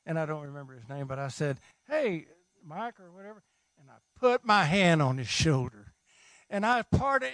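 A middle-aged man preaching a sermon, animated and humorous, asking his listeners questions. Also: fairly high pitch, moderate pace, dry recording. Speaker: pastor.

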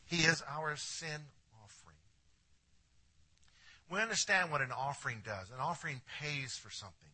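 A male pastor delivers a sermon in a sharp, bright voice with a breathy, husky grain. He drops to near-hushed phrases and then lifts into emphatic declarations. He often turns to the congregation with direct questions. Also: fairly high pitch, normal speed, long pauses. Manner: preaching with wide swings from hushed to emphatic.

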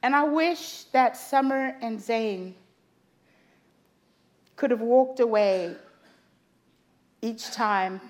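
A woman's voice: a little high, very slow, pauses often. A middle-aged woman preaching a sermon in church, telling personal stories in a humorous, confiding way. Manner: humorous, confiding storytelling with laughs.

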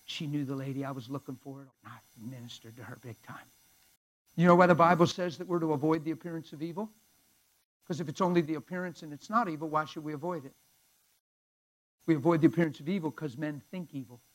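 A fervent male preacher tells a story in a slightly higher voice. He talks to his listeners conversationally and often sinks to a hushed near-whisper. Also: fast, poor audio. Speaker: pastor. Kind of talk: storytelling sermon.

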